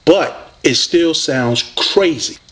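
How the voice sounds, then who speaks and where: A man's voice: fairly high pitch, lively intonation, takes it slowly, fairly bright tone. A man from the United States, delivering a combative, preachy video rant at a rival debater. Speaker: online debater addressing a rival.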